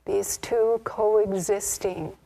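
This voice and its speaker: Woman minister, sermon, slow and deliberate storyteller. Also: mid-range voice, steady tone, gravelly, mellow. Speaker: minister leading a Sunday service. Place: spiritual community service.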